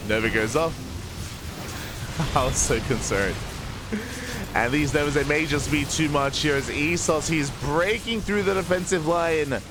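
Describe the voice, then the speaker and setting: Young male game caster, just woke up, slurred delivery, jumps to excitement in fights, faint music underneath. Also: fairly high pitch, measured pace, long pauses. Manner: excitable, drowsy between fights. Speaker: esports caster. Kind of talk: live game commentary.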